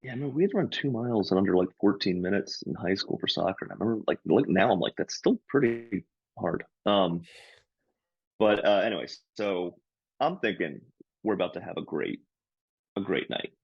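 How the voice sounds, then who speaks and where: A man's voice: low voice, fairly quick, gravelly, husky, dry recording, lo-fi sound. A man, a comedian and podcast co-host, telling a story in casual chat and acting out the lines of the people in it. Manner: animated storyteller, acts out quoted lines loudly.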